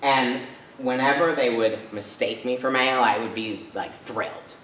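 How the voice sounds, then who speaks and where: Speaking as a guest in a church hall, a man from Rhode Island shares a chatty, personal talk peppered with fillers and tag questions. His voice sits in the mid range, fairly bright, at a moderate pace. The distant, echoey recording carries a little hiss or hum.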